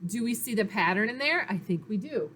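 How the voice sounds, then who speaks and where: A woman's voice: medium pitch, lively intonation, brisk, background noise. A woman teaching a phonics lesson to young children, sounding out letters and syllables in a patient, encouraging way. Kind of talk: recorded reading lesson for children.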